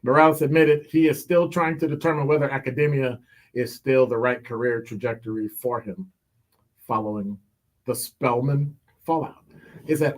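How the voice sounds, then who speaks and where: A man hosting a call-in talk radio show, delivering a lively monologue with teasing, joking asides. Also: medium pitch, moderate pace.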